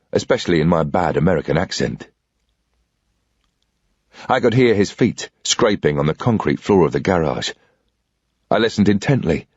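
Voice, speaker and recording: A husky man reads a thriller audiobook in a tense, matter-of-fact voice. His pitch is lowish but rises and falls a lot. The sound is dry and a bit dull. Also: a little mellow, no echo. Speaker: audiobook reader. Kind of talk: scripted audiobook narration of a thriller.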